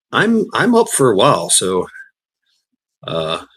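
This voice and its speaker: A man's voice: medium pitch, fairly bright tone, husky, poor audio. A man hosting a livestream, telling a casual rambling story, laughing often and swearing freely. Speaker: livestream host.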